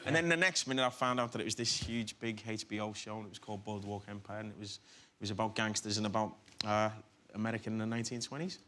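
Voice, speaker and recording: A man with a Scouse accent, a chat show guest, telling an animated anecdote. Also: lowish voice, fast. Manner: chatty storyteller, animated retellings. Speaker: talk show guest, actor. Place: TV studio with audience.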